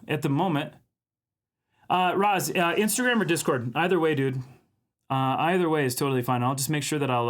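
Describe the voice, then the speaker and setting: Guy from minnesota hosting an art stream, kinda high voice, chatty, laughs a lot, reads out chat. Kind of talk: casual live-stream chat while drawing.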